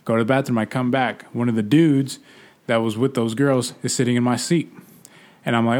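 A young man casually telling a bar story in a relaxed chat, swearing freely. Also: medium pitch, quick pace. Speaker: podcast co-host telling a story.

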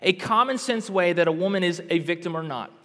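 A man's voice: high voice, brisk, pushed and bright, big-room sound. A man preaching a sermon with impassioned, emphatic delivery that rises to outbursts.

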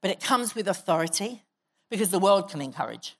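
A woman's voice: medium pitch, animated, fairly quick. A woman pastor preaching a sermon in church, exhorting the congregation and leading them in prayer. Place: church hall.

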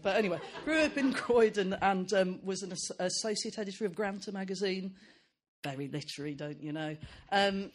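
A man hosting a live book event, introducing authors in a hesitant, chatty way with lots of fillers and laughs. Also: high voice. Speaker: event host.

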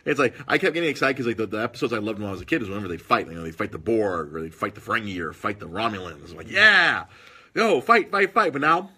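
A man telling stories in casual podcast chat, animated, with husky tone. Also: fairly low pitch, very fast, hardly any pauses. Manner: animated storytelling with put-on quoted voices.

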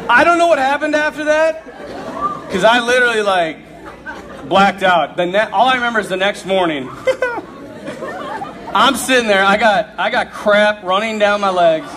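A man's voice: high-pitched, moderate pace, pauses often, a crowd in the background, noisy background. A man preaching, telling a funny story with lots of energy and laughing as he talks. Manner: animated, laughs through his story. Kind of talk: humorous sermon storytelling.

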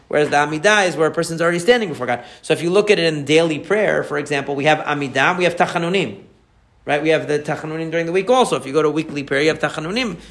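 Gravelly-voiced rabbi teaching conversationally. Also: male voice, on the high side, fairly bright tone. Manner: explains by repeating key phrases, growing more emphatic; answers a listener's questions. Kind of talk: conversational lesson on prayer.

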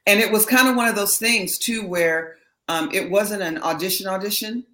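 A woman from Berkeley, a session singer, telling stories in a lively, laughing way as an interview guest. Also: mid-range voice, normal speed, reverberant, poor audio. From Berkeley, California. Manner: animated storyteller, laughs often. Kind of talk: casual interview chat.

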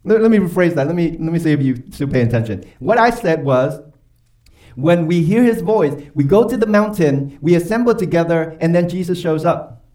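A man's voice: on the high side, animated, moderate pace, warm tone. Man preaching a sermon, off-mic. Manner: emphatic preaching, rhetorical questions to the congregation. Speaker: pastor. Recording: voice from far off the mic.

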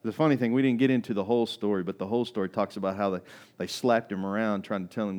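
A male pastor giving a sermon in a conversational way, often dropping his voice low for emphasis. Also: steady tone, quick pace, a little mellow. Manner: conversational preaching with sudden drops in volume; acts out quoted voices in reading.

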